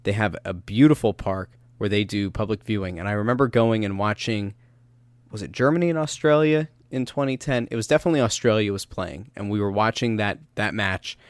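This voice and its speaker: A man in his thirties co-hosts a casual soccer podcast, with a fairly low voice. He tells stories animatedly and loops back on himself mid-sentence. The sound is dry and close, with no room around it. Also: brisk, no echo. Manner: animated storyteller, rambling with restarts. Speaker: podcast co-host.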